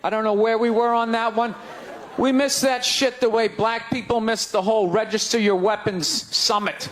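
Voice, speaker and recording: A middle-aged man doing a stand-up comedy set, ranting in an exasperated way and breaking into sudden shouts, at a comedy club. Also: high-pitched, steady tone, normal speed. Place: comedy club stage before a laughing crowd. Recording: live club recording, loud crowd laughter, noisy.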